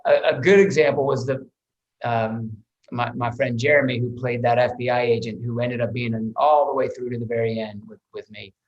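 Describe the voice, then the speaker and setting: Man, actor guest, mid-pitched, chatty storyteller who swears casually and restarts his words, slightly muffled lo-fi audio. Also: brisk. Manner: lively storyteller, swears freely, repeats words while restarting. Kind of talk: animated anecdote telling.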